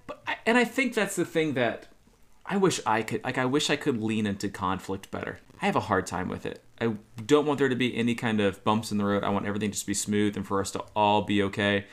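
A man co-hosting a podcast in casual chat, asking playful questions and thinking things through out loud. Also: fairly low pitch, quick pace. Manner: playful, asks questions, reflective. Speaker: podcast co-host.

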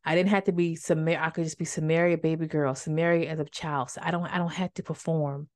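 A woman with a somewhat low voice teaches from the Bible in a relaxed, chatty podcast style and keeps calling her listeners y'all. She talks with heartfelt emotion, holding back tears of joy. Her voice sounds dry and close, with no room echo. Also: fast talker. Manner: conversational, addresses listeners as y'all. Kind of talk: casual devotional teaching. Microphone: microphone with a faulty cord.

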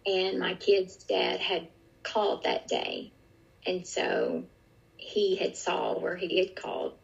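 Gravelly-voiced woman telling a hard story. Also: lowish voice, very animated. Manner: earnest, vivid retelling with halting restarts. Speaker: interviewee. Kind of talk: personal storytelling in an interview. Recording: dull lo-fi recording.

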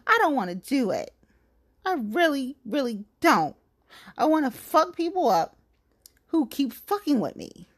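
A woman's voice: high voice, very animated, unhurried, pauses often. A woman venting angrily in a blunt, profane rant, talking straight to her viewers. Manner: blunt, profane, heated, emphatic. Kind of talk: angry venting rant to camera.

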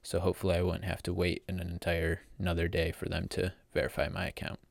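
A deep-voiced teenage man tells his story in a loose, casual vlog style. He rambles, piles up fillers and corrects himself mid-sentence. The sound is dry and close, with no room around it. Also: monotone, fast, creaky, dry recording. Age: teens. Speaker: vlogger.

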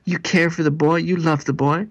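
A pastor and marriage seminar speaker, an animated storyteller who acts out the people he quotes. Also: on the high side, normal speed, muffled recording. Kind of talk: interview guest.

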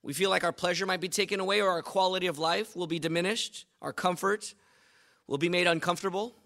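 Bright high-voiced male pastor preaching. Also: fairly even intonation, fast. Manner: asks the congregation questions, emphatic repetition. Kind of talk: sermon.

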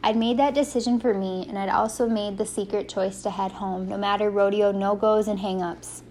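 A woman's voice: mid-range voice, fairly even intonation, normal speed, a little mellow, a little hiss or hum. Woman narrating an audiobook. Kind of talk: first-person audiobook narration.

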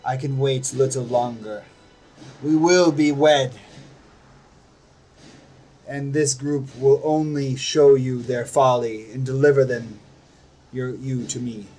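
Ancient vampire lord voiced by a man, cold and slow, heard from a distance over faint music. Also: mid-range voice, steady tone, mellow, close to an everyday voice. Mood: menacing. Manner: slow, measured, threatening.

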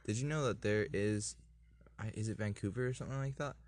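A man's voice: lowish voice, a little fast, darkish tone, dry recording. A man in casual chat with a friend, laughing often and trailing off mid-sentence as he improvises rhymes.

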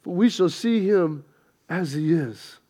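A man preaches a Sunday sermon from the pulpit with a notably high voice. He builds to emphatic peaks and slips in light humor between scripture readings. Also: animated, slow, warm tone. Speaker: pastor.

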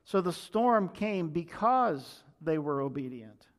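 A male pastor delivering a sermon in a voice pitched somewhat above the usual for a man. He teaches in an explanatory way and often turns to the congregation with rhetorical questions. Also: very animated, takes it slowly.

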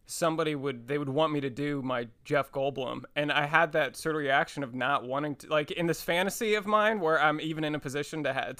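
A man's voice: a little high, bright, forceful tone, smooth, no room sound. A man guesting on a podcast, chatting in a self-deprecating way and chuckling often. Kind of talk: casual chat.

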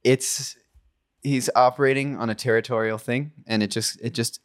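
A man in relaxed podcast conversation, thinking out loud in long rambling sentences that often trail off. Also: medium pitch, moderate pace. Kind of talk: casual conversation.

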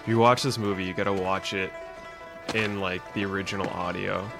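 A man's voice: deep voice, fairly even intonation, brisk, vocal fry, over music. A man co-hosting a casual film review podcast, retelling scenes in a rambling way full of fillers and acting out the characters' lines. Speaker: podcast co-host reviewing films. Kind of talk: casual chat.

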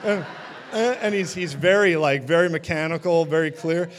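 Higher-voiced man preaching conversationally. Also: normal speed. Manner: conversational teaching, checks in with listeners often. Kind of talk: sermon.

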